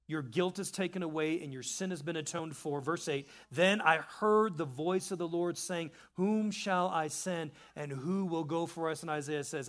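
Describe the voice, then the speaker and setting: Animated high-voiced preacher. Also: male voice. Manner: animated, conversational preaching with asides. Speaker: pastor. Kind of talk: sermon.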